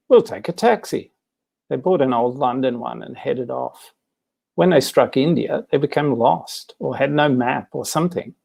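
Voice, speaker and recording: A man reads a literary story aloud at a steady, measured pace. His voice is gravelly and a little husky, sitting in a middle register. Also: mid-range voice. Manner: measured, plain storytelling delivery. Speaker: contributor reading prose.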